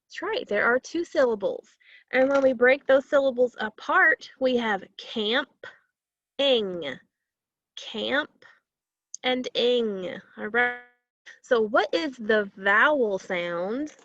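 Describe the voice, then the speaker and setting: A woman leads a children's phonics lesson at a deliberately slow pace, stretching out each syllable. The sound is dry and a little muffled, with no room around it. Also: a little high, lively intonation, sharp tone, no echo. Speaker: teacher.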